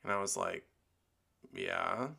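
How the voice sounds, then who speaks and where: A man's voice: low voice, wildly swooping pitch, slow pace, creaky, pushed and bright, breathy edge. A young man hosting his own podcast, chatting candidly with lots of fillers and giggles. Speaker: podcast host. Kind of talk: casual solo podcast chat.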